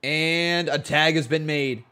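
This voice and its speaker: A man speaks slowly in a steady, slightly high voice that is clear and resonant, though a little sore and tired. He's livestreaming casual commentary on old wrestling matches, giving laid-back play-by-play, reading chat aloud, and breaking into hyped shouts.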